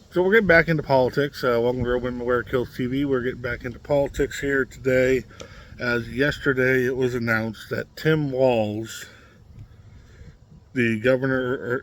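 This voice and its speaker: Brief: man, mid pitch, from Nebraska, combative political vlog rant, halting with fillers. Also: a bit bright. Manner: blunt and combative, many fillers and restarts. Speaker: political commentary vlogger. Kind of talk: casual opinion monologue to camera.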